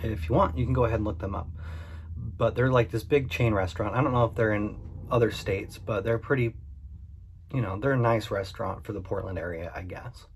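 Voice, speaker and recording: A man's voice: on the low side, brisk, slight background noise. A man who runs a cleaning business, casually and candidly telling a story about his past work to the camera. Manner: conversational and candid, with frequent fillers.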